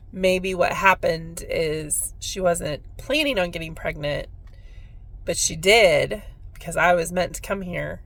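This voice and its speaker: A woman's voice: lowish voice, fairly bright tone. A woman who works as a spiritual medium, telling a personal story in a heartfelt, reflective way on her vlog.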